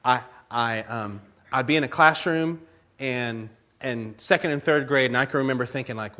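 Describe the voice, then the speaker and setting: A man's voice: mid-range voice, moderate pace. A male pastor preaching in church, telling stories with lots of laughter and acting out little conversations. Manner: animated storytelling, laughs often, acts out conversations. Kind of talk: sermon.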